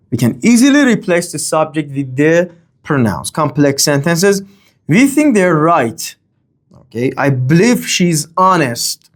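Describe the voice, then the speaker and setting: A man teaching a grammar lesson, speaking, often pausing on okay and uh and reading example sentences with a lifted tone. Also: medium pitch. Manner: explains slowly with many fillers and okays. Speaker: language teacher.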